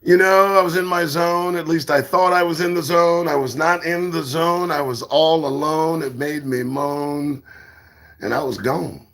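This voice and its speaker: A man hosting his own morning show, talking in a profane, preachy monologue that swings between shouts and whispers. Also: on the high side, fairly even intonation, measured pace. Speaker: show host.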